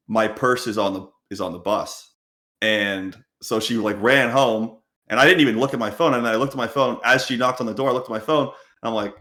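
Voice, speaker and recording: With a fairly low-pitched voice and roomy acoustics, a man hosts a laid-back podcast chat. He tells animated stories and acts out people's quoted lines.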